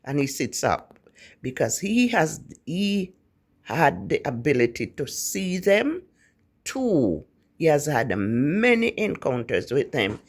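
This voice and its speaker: A man with a Jamaican accent telling a ghost story in a casual, animated way, often repeating words. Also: a little high.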